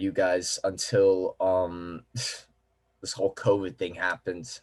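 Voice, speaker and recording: A young man talking to his viewers in a casual, rambling vlog, repeating himself and filling pauses with "um" and "you know.". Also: low voice, level tone. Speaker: vlogger.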